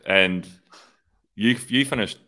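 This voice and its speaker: A man's voice: fairly low pitch, slow pace. A man co-hosting a cycling podcast, animatedly retelling race tactics in casual chat. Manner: animated storyteller, acts out radio exchanges. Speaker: podcast co-host, former pro cyclist.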